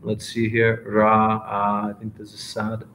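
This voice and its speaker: A man teaches a live online English class, reading out questions and answering them in a relaxed, encouraging way. His voice sits low. The room around him is echoey, with faint hiss in the background. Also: a little slow. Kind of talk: live Q&A office hours.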